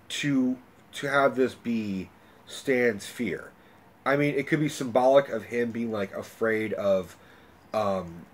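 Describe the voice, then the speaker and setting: A man talking straight to his audience in a loose, rambling rant, swearing freely and piling on filler words as he goes. His voice sits at an ordinary middle pitch. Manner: profane, rambling and talkative. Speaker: vlogger reviewing a film. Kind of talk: casual rant to camera.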